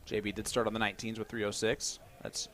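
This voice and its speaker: A male play-by-play commentator calling a live darts match from the booth, steady and measured, with dry humor as he reads out the scores. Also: fairly low pitch.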